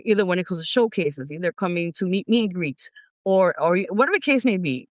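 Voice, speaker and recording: A middle-aged singer talks through her story in an animated way, acting out how she reacted back then. Her voice is bright and crisp, recorded close and dry with no room sound. The style is a casual interview. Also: fairly low pitch, dry recording. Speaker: independent singer, interview guest.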